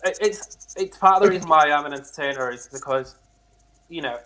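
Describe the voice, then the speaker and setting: A man's voice: fairly high pitch, a little fast, bright, forceful tone, rough recording. A man appearing as a guest on a drag chat show, talking earnestly about why he performs, over a video call. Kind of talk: casual chat.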